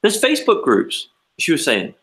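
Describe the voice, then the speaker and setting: A man's voice: on the high side, wildly swooping pitch, normal speed, fairly bright tone, low-quality recording. A man co-hosting a casual podcast, telling a long rambling anecdote and acting out the quotes. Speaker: podcast co-host. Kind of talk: casual storytelling chat.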